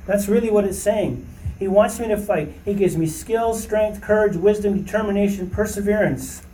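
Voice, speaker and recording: A man's voice: sits high, moderate pace, warm tone, recorded from a distance, a little hiss or hum. Emphatic man leading a Bible study. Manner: emphatic, rising to preaching fervor, often asks "okay?". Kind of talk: informal Bible teaching. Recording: roomy echo, voice from off-mic, faint ambience.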